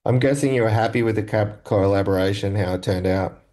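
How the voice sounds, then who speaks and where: A man's voice: on the low side, brisk, darkish tone. A man interviewing a musician, asking short casual questions with brief friendly replies.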